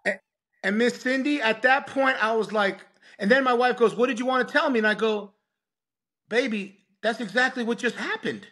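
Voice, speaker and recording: This pastor's voice is very high-pitched, moving at a moderate pace. As a podcast guest, he tells his testimony as a lively story, putting on voices for each person he quotes.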